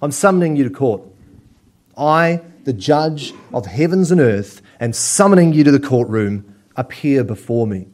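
A preacher voicing God as a stern judge. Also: male voice, medium pitch, animated, normal speed, a little mellow, natural voice. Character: God as stern judge summoning people to court.

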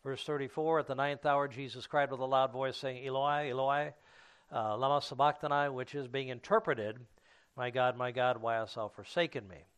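A man preaching a sermon, teaching from scripture in an unhurried way with frequent fillers and restarts. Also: medium pitch, steady tone, fairly bright tone, smooth.

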